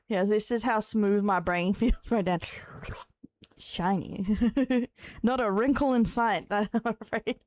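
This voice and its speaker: Young woman, Australian accent, streamer, tired, giggly, rambling, dry close recording, mid pitch. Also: fairly even intonation, takes it slowly, darkish tone, no room sound. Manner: giggly, rambling, swears casually. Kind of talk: casual live-stream chat.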